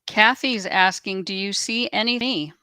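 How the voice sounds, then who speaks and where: A woman moderating a live session, reading viewers' questions aloud in a brisk, matter-of-fact way. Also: medium pitch, pushed and bright, clear, resonant tone, dry recording.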